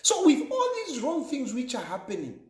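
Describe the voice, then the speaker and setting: A man's voice: extremely high pitch, huge pitch swings, normal speed, reverberant. A Zambian man delivering an emphatic political monologue, repeating phrases for effect in an accusing tone. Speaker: political commentator.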